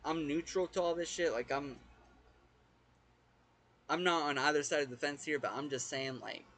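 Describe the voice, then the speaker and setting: A man's voice: on the high side, fairly even intonation, normal speed, a bit bright. A young man giving casual let's-play commentary as a gaming host, rambling and hesitant, often repeating words and swearing offhand.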